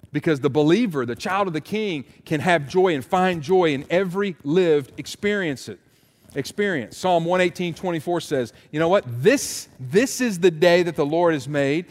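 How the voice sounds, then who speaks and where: A middle-aged man preaching a sermon as pastor, animated and emphatic with repeated refrains. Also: a little high, moderate pace. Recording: long hall reverb.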